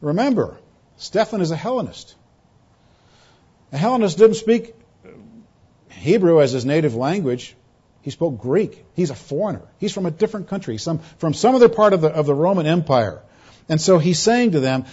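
A man's voice: fairly high pitch, animated, moderate pace, mellow, husky. Earnest male preacher on a lo-fi recording. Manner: earnest expository preaching, repeats phrases for emphasis. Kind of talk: sermon.

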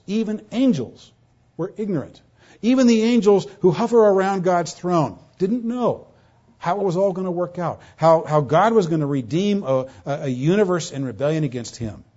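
A man's voice: on the high side, a little mellow. A man preaching a sermon, emphatic and full of rhetorical questions, pressing his points hard. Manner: emphatic, rhetorical questions, shifts pace for stress. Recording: dull lo-fi sound.

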